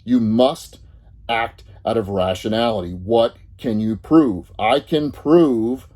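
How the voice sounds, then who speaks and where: A man's voice: medium pitch, takes it slowly, a little mellow. A middle-aged man, a therapist talking bluntly and confrontationally to the viewer, swearing freely. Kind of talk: blunt motivational monologue to camera.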